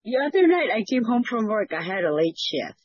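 Woman, fellowship leader, earnest testimony; husky, dry, muffled video-call sound. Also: on the high side, very animated, brisk, no room sound. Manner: earnest, rambling, with repeated words. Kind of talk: personal testimony sharing.

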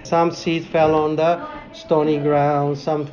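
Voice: mid-range voice, little pitch movement, slow pace, a little mellow, dull audio. A Bible teacher speaking informally in a conversation, quoting scripture in old-fashioned wording and speaking English with non-native grammar.

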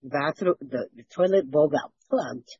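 Husky woman giving an earnest testimony. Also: low voice, a little slow, no echo, highs cut off. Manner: earnest, rambling, with repeated words. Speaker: fellowship leader. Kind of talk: personal testimony sharing.

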